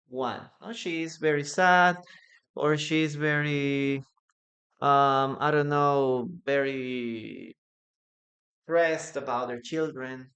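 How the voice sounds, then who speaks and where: A native Spanish speaker teaches a live online English class, repeating example phrases and reading student comments aloud. The voice is medium-pitched and a bit bright.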